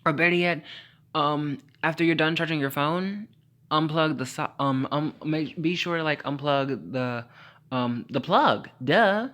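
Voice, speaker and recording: A man's voice: a little high, measured pace, a bit bright. Sassy, rambling young man with caffeine jitters. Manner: sassy, rambling, heavy use of "like" and "honey"; jittery and over-caffeinated, stumbling over words. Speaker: solo podcaster. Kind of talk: late-night solo podcast rant.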